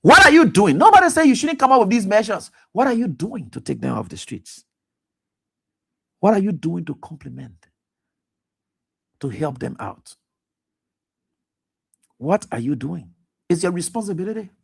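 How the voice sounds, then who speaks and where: A man's voice: high voice, big pitch swings, moderate pace, gravelly, pauses often, a bit bright, slightly rough. A man hosting a radio talk show, delivering impassioned, accusatory political commentary with repeated pointed questions. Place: radio studio.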